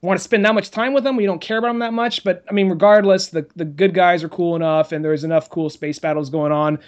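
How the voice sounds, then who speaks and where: A man co-hosting a podcast in relaxed casual chat, heavy on fillers and casually profane. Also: sits high, fast talker, dull audio. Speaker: podcast co-host.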